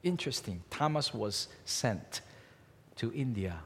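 A man preaching a sermon, emphatic and repetitive, his pitch rising and falling as he drives points home. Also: big pitch swings, slow, slight background noise. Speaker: pastor. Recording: long hall reverb.

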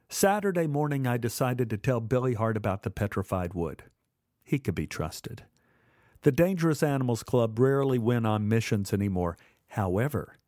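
A man telling a first-person memoir story in a measured, dramatic way. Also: medium pitch, a little mellow, no room sound, studio quality. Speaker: narrator.

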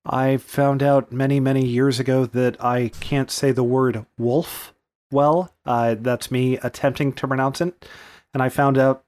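A man's voice: medium pitch, little pitch movement, a little slow, a little mellow. A man chatting on a movie podcast in a wry, musing way. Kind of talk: casual movie podcast chat.

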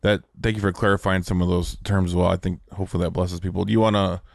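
Male host, deep gravelly voice, brisk delivery. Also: little pitch movement, dry recording, studio quality. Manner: quick affirming interjections. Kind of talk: interview host.

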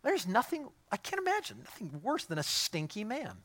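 A middle-aged man, a pastor, preaching a sermon in a lively, joking way and acting out voices of the people he talks about. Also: sits high, normal speed, a little hiss or hum. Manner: animated, jokey, acts out quoted voices.

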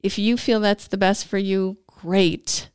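A woman's voice: mid-range voice, fairly even intonation, slow, a little mellow, clean tone, dry recording, clean studio sound. A woman hosting a podcast interview, talking carefully and hesitantly, often trailing off. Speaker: podcast host.

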